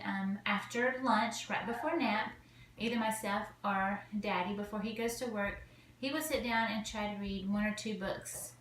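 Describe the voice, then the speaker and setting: Southern US woman, thirties, homeschooling mom vlogging casually, folksy and chatty, roomy home sound with faint hum. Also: mid-range voice. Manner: chatty, folksy, frequent ums and uhs. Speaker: vlogger, homeschooling mother of five. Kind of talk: casual chat to camera. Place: home, indoors.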